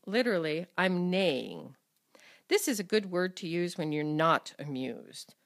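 A woman's voice: fairly low pitch, animated, unhurried, no room sound. A woman reading a scripted lesson on language, with dry, wry asides between examples. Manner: reads Russian examples then English translations, dry wry asides. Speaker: language columnist reading her column. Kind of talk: scripted narration.

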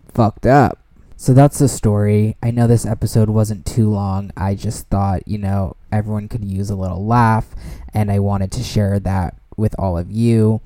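A young man hosting a podcast, telling a story in a casual, animated way, swearing freely and using lots of fillers. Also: on the low side, measured pace, no room sound. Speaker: podcast host.

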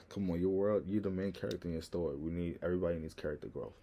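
A man's voice: deep voice, fairly even intonation, quick pace, mellow, slight background noise. A young man from Harlem with a New York accent, talking brashly and profanely to his viewers in a rambling, casual monologue full of "like". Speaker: vlogger.

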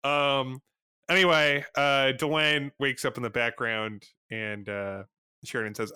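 Man, podcast co-host, bright clear tone, dry close sound, rambling casual recap. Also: mid-range voice, steady tone, unhurried, no room sound. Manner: rambling, lots of fillers, acts out lines.

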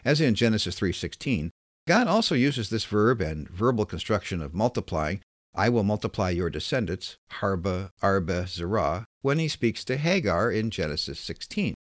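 A man reading a scripted Bible lesson in a measured, emphatic way. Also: fairly low pitch, very animated, no room sound, clean studio sound. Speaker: Bible teacher.

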